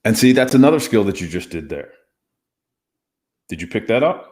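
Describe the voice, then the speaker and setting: A man's voice: fairly low pitch, sing-song, moderate pace, darkish tone. A man, a former hostage negotiator, explaining conversation techniques emphatically and acting out examples. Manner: emphatic, demonstrates techniques aloud. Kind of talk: teaching conversation skills.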